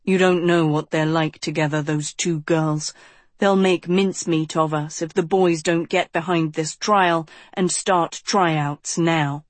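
A woman voicing a serious, determined young prince who speaks low and firm in an audiobook. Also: steady tone, unhurried, dry recording. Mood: earnest.

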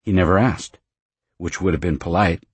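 A man voicing a worldly middle-aged mother, blunt and wry. The voice stays very deep and raspy, close and dry, with little change from the reader's own. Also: normal speed, no room sound. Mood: frank. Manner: frank, matter-of-fact, wry.

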